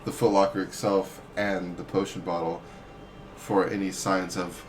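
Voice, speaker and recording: A man's voice: sits low, little pitch movement, unhurried. A young man playing a tabletop game, speaking in playful mock-formal pronouncements. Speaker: player. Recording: clear background noise.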